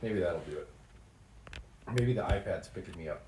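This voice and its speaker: Low-voiced man hosting a podcast. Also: reverberant, background noise. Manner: relaxed, joking, halting with fillers. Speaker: podcast host. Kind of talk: casual chat.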